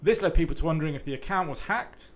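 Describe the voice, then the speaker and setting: A man's voice: a little high, expressive, fast. A man with a sweary, rambling storytelling manner, chatting casually on a podcast.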